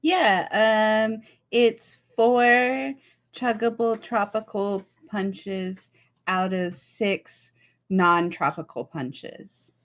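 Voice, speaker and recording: A woman's voice: medium pitch, steady tone, drawn-out words. A woman co-hosting a podcast, chatting casually in a giggly, playful way. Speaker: podcast co-host. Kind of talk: casual chat.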